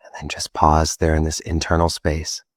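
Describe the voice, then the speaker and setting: A man speaking affirmations in a slow, soft, unvoiced whisper as whispered role-play. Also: a bass voice, completely flat delivery, dry recording, studio quality.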